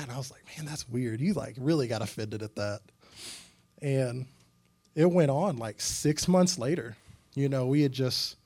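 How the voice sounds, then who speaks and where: A young man preaching as a youth pastor, his talk loose and animated, with a middle-pitched voice. He tells a story to a group and keeps slipping in casual fillers. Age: young adult. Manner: animated and conversational, many fillers.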